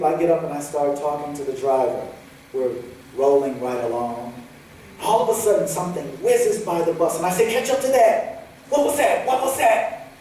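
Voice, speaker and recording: A fairly high-voiced man tells a personal story from the pulpit, sometimes lively and sometimes hushed. His voice rings through a very echoey hall from a distant mic. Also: slight background noise. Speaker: guest speaker. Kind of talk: storytelling sermon.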